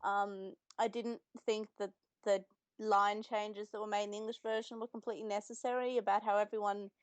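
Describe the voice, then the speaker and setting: A woman's voice: medium pitch, flat delivery, fairly quick, no echo. A young woman co-hosting a podcast in casual chat, retelling scenes and quoting lines. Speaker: podcast co-host.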